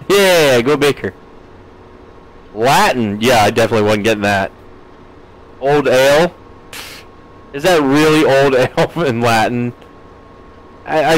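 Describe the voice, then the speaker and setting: A man's voice: medium pitch, rough recording. A man casually chatting with his live-stream audience while playing a farming game, reading out and answering chat comments with frequent laughs. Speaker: gaming streamer.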